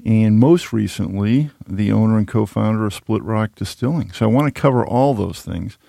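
A man's voice: on the low side, moderate pace, gravelly, warm tone, no echo, studio quality. A middle-aged man from the Boston area hosting an interview, chatty and rambling with self-deprecating asides. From Boston area, Massachusetts. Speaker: podcast host. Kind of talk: casual interview chat.

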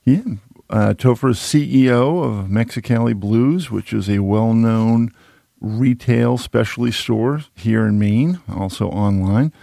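A man's voice: medium pitch, measured pace, gravelly, mellow, no room sound, studio quality. A middle-aged man from the Boston area hosting an interview, chatty and rambling with self-deprecating asides. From Boston area, Massachusetts. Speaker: podcast host. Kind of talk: casual interview chat.

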